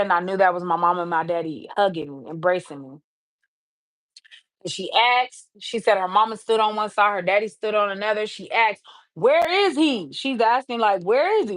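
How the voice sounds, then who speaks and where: A woman's voice: mid-range voice, fairly bright tone, dry recording, clean studio sound. A woman hosting a livestream, earnestly retelling someone's story and often stopping to say "she said". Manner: earnest retelling with many repeated "she said" asides. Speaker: livestream host.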